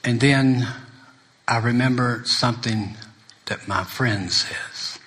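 A man's voice: medium pitch, slow, a bit bright. A middle-aged man preaching a sermon, telling folksy stories and acting out other people's lines. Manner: folksy storytelling preacher, acts out friends' lines. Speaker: pastor.

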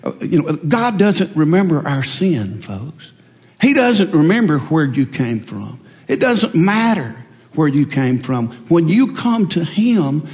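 A middle-aged male preacher giving a folksy, animated sermon full of stories. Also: a little high, in a large hall.

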